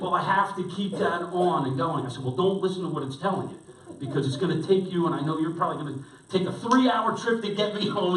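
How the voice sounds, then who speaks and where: Middle-aged pastor telling a story in a roomy hall. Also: male voice, a little high. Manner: animated, rambling anecdote with restarts. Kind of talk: sermon with personal storytelling. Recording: roomy sound picked up from a distance.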